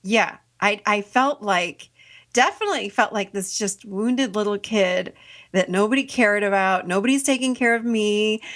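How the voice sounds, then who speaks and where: A woman's voice: mid-range voice, moderate pace, a bit bright. A middle-aged woman hosting a podcast, telling a story casually, laughing often and acting out her own lines. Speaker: podcast host.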